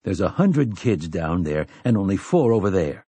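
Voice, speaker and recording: A man's voice: low voice, sing-song, normal speed, warm tone, breathy edge, no echo, heavily acted. Man doing a terse, stern gunslinger. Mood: grim. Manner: curt, clipped orders.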